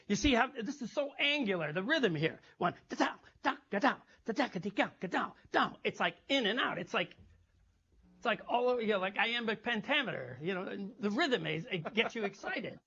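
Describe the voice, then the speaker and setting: A man teaching a jazz masterclass, coaching a band and scatting rhythms in an animated way, on a muffled lo-fi recording. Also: high voice. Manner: animated, scats rhythms and chants phrases. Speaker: jazz instructor.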